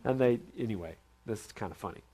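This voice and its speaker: A man's voice: on the low side, fast, dark tone, breathy edge. A man teaching a Bible lesson in a conversational, questioning way. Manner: conversational, asks questions, acts out others' voices. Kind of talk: informal sermon to a group. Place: large steel building.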